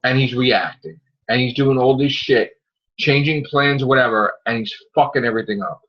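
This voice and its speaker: Ranting, cursing podcast co-host. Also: male voice, mid-range voice, moderate pace. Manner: heated, profane ranting. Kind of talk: casual chat. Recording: dull lo-fi audio.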